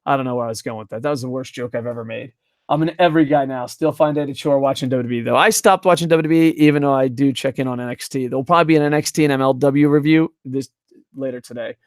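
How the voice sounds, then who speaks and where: A man's voice: mid-range voice, fast, no room sound, studio quality. A young man casually reviewing wrestling on a live stream at a home desk microphone, rambling, swearing and reading chat messages aloud.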